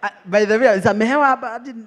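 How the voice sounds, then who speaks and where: A young Kenyan man preaching a teaching sermon, lively and teasing, laughing often with his congregation. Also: extremely high pitch. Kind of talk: teaching sermon, mixing English and Swahili.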